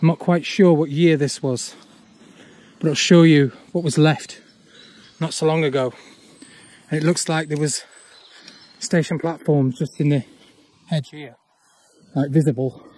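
A man, chatting casually as he walks an overgrown old railway path outdoors, often pausing on "uh". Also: fairly high pitch, darkish tone. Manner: chatty, with frequent "uh" pauses. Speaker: urban exploring vlogger. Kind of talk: casual walk-and-talk commentary.

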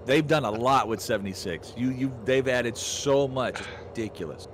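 A man's voice: medium pitch, normal speed, slight background noise. A man with a Texan drawl chatting casually over voice chat, rambling and restarting his sentences. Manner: animated, rambling, frequent stammered restarts. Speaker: gaming guest.

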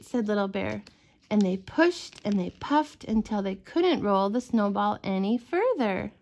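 A woman reading a bedtime story aloud to children, gentle and expressive. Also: medium pitch, measured pace, creaky.

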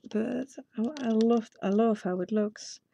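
A woman's voice: fairly high pitch, a little slow, gravelly, mellow, dull audio, a little hiss or hum. A woman with a Dutch accent, a native Dutch speaker, hosting a casual step-by-step craft tutorial and chatting to herself as she works. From Netherlands. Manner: chatty, self-talking while working.

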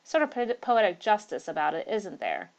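A man's voice: sits high, huge pitch swings, moderate pace, vocal fry, exaggerated voice. A woman doing a stout, smug salesman. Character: stout, smug male commercial traveller.

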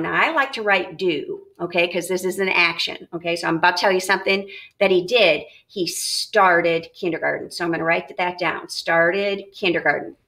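A middle-aged female teacher with a fairly low, bright, forceful voice leads a reading lesson. She reads a story aloud and models note-taking, often checking in with "okay?".

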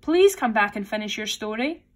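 A woman's voice: on the high side, expressive, normal speed, pitched above the performer's own voice. A woman voicing a polite, eager young girl who speaks humbly and pleadingly.

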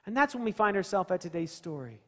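A man's voice: high-pitched, very animated, fast, a bit bright, big-room sound. A male pastor giving a conversational sermon in a church, asking the congregation questions and acting out scenes. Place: church sanctuary.

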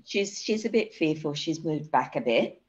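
A woman taking part in a guided healing session, answering quietly and hesitantly in short replies. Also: deep voice, expressive, moderate pace, breathy edge. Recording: dull lo-fi audio.

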